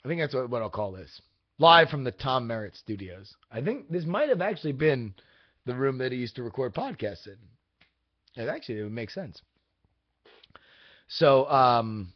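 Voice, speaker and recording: A young man hosting a video, telling a casual, rambling story in an exasperated, animated way. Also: mid-range voice, normal speed, pauses often. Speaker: vlog host. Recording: dull lo-fi audio.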